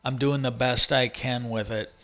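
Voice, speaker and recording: A man's voice: mid-range voice, fairly even intonation, normal speed, bright, forceful tone. A man hosting a livestream, talking in a loose rambling way, retelling a conversation with lots of "he goes" and restarts. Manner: retells stories with many "he goes", frequent restarts and fillers. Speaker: livestream host. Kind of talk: rambling casual monologue.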